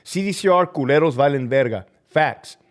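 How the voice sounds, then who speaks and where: Man, somewhat high voice; furious, foul-mouthed ex-prison guard on a livestream. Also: expressive, moderate pace, heavy background noise. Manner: profane, heated, ranting; drops Spanish slang into English. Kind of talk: livestream rant reading viewer comments.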